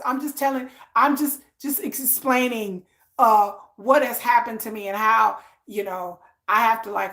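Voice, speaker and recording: A woman in her thirties chatting on a live stream, telling animated stories and acting out what people said. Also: on the high side. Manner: animated storytelling, acting out quoted lines. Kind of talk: casual live-stream chat. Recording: echoey room.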